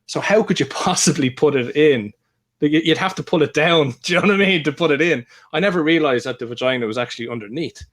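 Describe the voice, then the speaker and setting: A man's voice: fairly high pitch, fast, a bit bright. Candid man telling rambling stories. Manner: rambling, candid storytelling with laughs and fillers. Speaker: podcast co-host. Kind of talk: casual chat.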